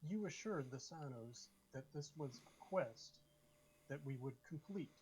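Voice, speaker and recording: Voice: medium pitch, expressive, a little slow, darkish tone, slightly rough, rough recording. A tabletop player voicing an earnest druid who reminds a companion of a promise. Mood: reproachful. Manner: firm, reproachful. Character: earnest, dutiful druid who keeps his word. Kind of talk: in-character tabletop role-play.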